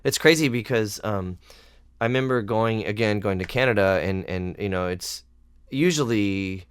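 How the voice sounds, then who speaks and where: Podcast host dude, low smooth voice, rambly storytelling, dry close sound. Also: male voice, moderate pace, no echo. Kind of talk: casual interview chat.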